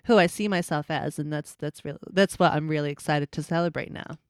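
Woman, musician guest, chatty interview talk, very smooth voice, dry close sound. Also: low-pitched, a little fast, no echo. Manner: chatty, many fillers and restarts. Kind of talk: casual interview chat.

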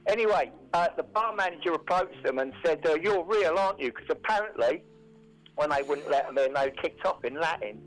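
A man hosting a radio segment in a studio, telling odd stories with deadpan, made-up asides. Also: on the high side, brisk, faint music behind, low-quality recording. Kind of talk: casual radio banter.

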